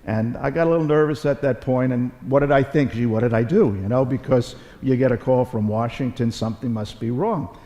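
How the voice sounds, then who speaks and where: A man's voice: medium pitch, a little fast, few pauses, warm tone. A middle-aged man, a Catholic bishop, giving a conversational homily at Mass with folksy storytelling, repeating phrases and joking at his own expense. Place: large church. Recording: long church reverb.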